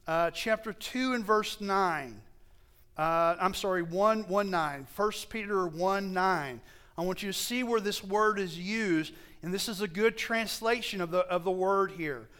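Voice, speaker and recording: A man preaching a sermon to a congregation, slow and emphatic, often asking them questions and correcting himself as he goes. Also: high voice, pushed and bright, clean tone.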